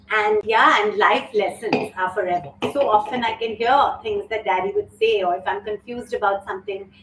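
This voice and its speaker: Her medium-pitched voice is a bit bright as this middle-aged yoga teacher hosts a live class online, heartfelt and near tears while she reads comments and talks with viewers. The recording has a little hiss or hum, a roomy echo, faint ambience and a distant mic.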